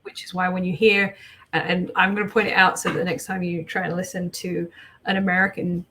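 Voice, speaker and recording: English woman, lower voice, casual stream chatter, thoughtful talker who lingers on explanations with plenty of ums. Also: little pitch movement, fairly quick, bright, forceful tone. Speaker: artist on a group stream. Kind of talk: casual chat.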